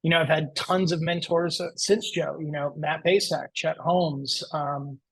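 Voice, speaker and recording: A man in his forties, a podcast guest, telling his career story in a lively, anecdotal way and acting out the voices he quotes. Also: a little high, a little slow, husky, low-quality recording. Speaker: guest entrepreneur.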